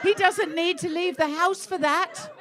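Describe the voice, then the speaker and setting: A woman's voice: very high voice, steady tone, a little slow, fairly bright tone, a little hiss or hum. A middle-aged woman doing live stand-up in a comedy club, blunt and sweary, teasing audience members about their relationships. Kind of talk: live stand-up crowd work.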